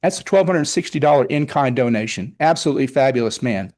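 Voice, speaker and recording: At a public meeting, a middle-aged man organizing a car show reports to the town board, rambling enthusiastically and frequently recounting conversations. He talks fast, with a mid-range, darkish voice and lively intonation.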